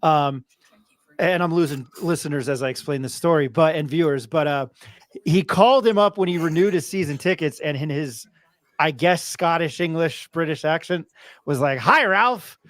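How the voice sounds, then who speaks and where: A man's voice: on the high side, normal speed, dry recording. A man hosting a casual sports chat, rambling through a story and losing his train of thought. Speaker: podcast host.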